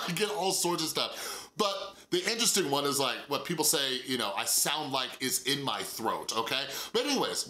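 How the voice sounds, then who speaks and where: A man's voice: a little high, sharp tone, roomy sound. A man with a nasal voice talking casually and earnestly to camera in a mental health vlog, full of fillers and asides.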